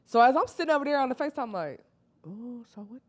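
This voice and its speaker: A woman's voice: fairly high pitch, fast. Young woman spilling a story, voice jumping all over, lots of slang, plays out what everybody said. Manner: animated, slangy, acts out friends' lines in quotes. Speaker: storytime vlogger. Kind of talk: casual storytelling.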